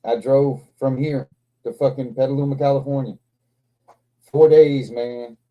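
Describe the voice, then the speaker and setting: A man's voice: medium pitch, steady tone, a little slow, mellow, low-quality recording. A man in his forties hosting a livestream, telling rambling, profane stories with frequent laughter. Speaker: livestream host. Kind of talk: casual storytelling chat.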